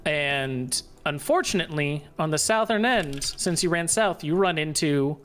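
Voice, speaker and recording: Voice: medium pitch, animated, unhurried, fairly bright tone. A game master narrating a tabletop fantasy game with plenty of swearing and laughter. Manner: profane, laughs while narrating.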